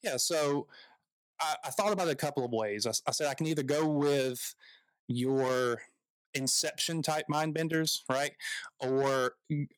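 A man's voice: fairly high pitch, a little slow, dry recording, low-quality recording. Southern male co-host, eager and rambling, dry close recording. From American South. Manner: enthusiastic, rambling, with restarts. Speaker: podcast co-host. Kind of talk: casual movie chat.

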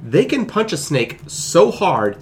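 A man's voice: a little high, big pitch swings, takes it slowly. A man co-hosting a podcast, rambling through a point with playful tangents in casual chat. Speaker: podcast co-host.

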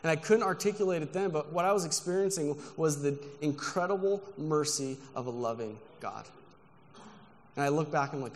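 A man's voice: fairly high pitch, a little fast, a little hiss or hum. A man preaching a sermon with earnest emphasis, telling personal stories from the pulpit. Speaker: guest pastor. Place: church sanctuary. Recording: long reverb of a large church hall.

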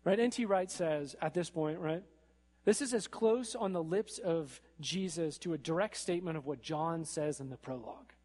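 A man preaching a sermon in an animated way, building to emphatic peaks and often checking in with "right?". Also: a little high, moderate pace.

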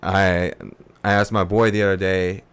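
A man's voice: low-pitched, little pitch movement, normal speed, clean tone. A man telling a long casual story, full of fillers like "uh" and "like" and plenty of slang. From California. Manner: rambling, heavy filler words and slang.

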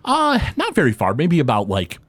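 A man runs a tabletop game in a fairly high voice that swings widely up and down. He chuckles often and fills his narration with hesitations. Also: wildly swooping pitch, moderate pace, a bit bright, no echo. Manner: loose and chuckling, full of hesitations. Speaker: game master.

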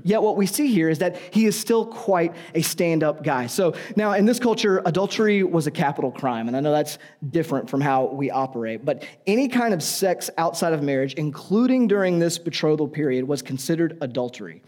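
Male preacher, sermon, chatty and joking, asks questions, slightly high voice, lively pitch. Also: normal speed.

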